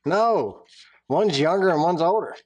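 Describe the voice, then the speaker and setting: Southern dude on a podcast, bit high voice, blunt short answers. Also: male voice, animated, unhurried, darkish tone. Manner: blunt, short dry replies. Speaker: podcast co-host. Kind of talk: casual chat.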